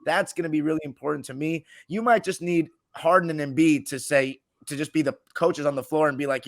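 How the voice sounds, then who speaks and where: A man hosts a relaxed basketball podcast in a fairly high voice, mixing strong opinions with teasing jokes. His voice sits close and dry, with no room around it. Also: a little fast, creaky, few pauses, no room sound. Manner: opinionated, jokey, lively when teasing. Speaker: podcast host. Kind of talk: casual sports podcast chat.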